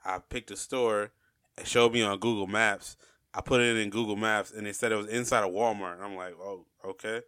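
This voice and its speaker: A young man in casual podcast chat, telling an animated story full of swearing and loud laughs. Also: on the low side, brisk, no room sound, clean studio sound.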